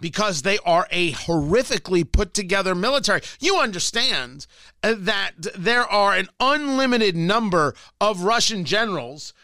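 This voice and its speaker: A male talk radio host delivers a rambling monologue, tripping over his words and dropping sarcastic asides. His voice sits high and sounds bright. The sound is close and dry, with no room echo. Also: very animated, moderate pace.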